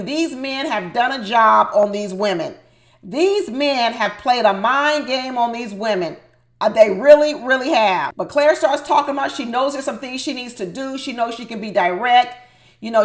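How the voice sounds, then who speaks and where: This woman's fairly high voice echoes around the room as she recaps a reality show with strong opinions. She addresses her audience directly and with plenty of emphasis.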